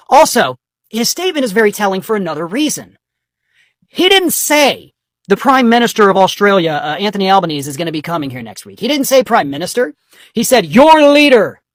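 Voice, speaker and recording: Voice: mid-range voice, dry recording. Mocking political commentator, profane, scornful, dry close sound.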